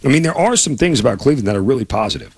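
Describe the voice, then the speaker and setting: Husky plain-spoken man on sports radio. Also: mid-range voice, lively intonation, rapid-fire, dry recording. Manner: plain-spoken, folksy sayings, emphatic.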